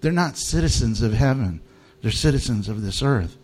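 A man's voice: mid-range voice, expressive, moderate pace, darkish tone, husky. An American male pastor preaching a humorous sermon, telling stories with animation and laughing at his own jokes. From United States.

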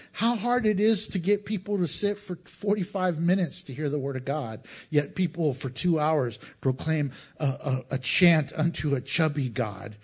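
A middle-aged male pastor preaching a sermon, animated and joking, acting out crowd voices as he goes. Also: on the high side, breathy edge. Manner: animated, acts out crowd voices, jokes and chuckles.

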